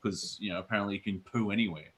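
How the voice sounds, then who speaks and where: A man's voice: on the low side, very fast, a bit bright. Man, chatty guest, giggly storyteller, loose rambling delivery. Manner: rambling, laughs often, trails off mid-sentence. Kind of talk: casual chat.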